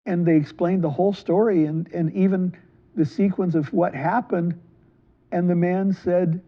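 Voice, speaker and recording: A man with a fairly high voice tells a folk tale to children, lively and animated, popping into quick character voices. The sound is dull and lo-fi, like a modest home setup. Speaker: library storyteller. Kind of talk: storytelling for children.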